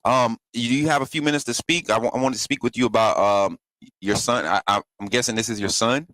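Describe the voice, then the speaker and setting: A man's voice: medium pitch, fairly quick, a bit bright, dry recording. A man hosting a live stream who chats loosely with his viewers and then poses as a polite recruiting coach on a prank phone call. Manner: loose, chatty, talks to live chat.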